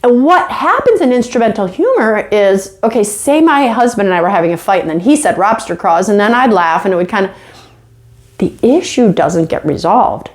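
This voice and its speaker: Brief: middle-aged female instructor, conversational lecture video, animated and self-mocking. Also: medium pitch, moderate pace. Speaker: college instructor.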